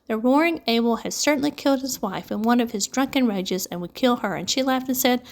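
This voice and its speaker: A fretful old spinster cousin complains plaintively in a storybook reading, as a woman reads her lines. The voice is fairly high and only lightly coloured. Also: fairly quick, lightly acted.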